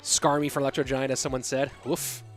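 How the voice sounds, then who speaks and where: A man's voice: medium pitch, little pitch movement, a little fast, soft background music. A man casting a live esports stream, chatting casually and answering viewer questions between plays. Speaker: esports caster and stream host. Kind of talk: live stream commentary and chat reading.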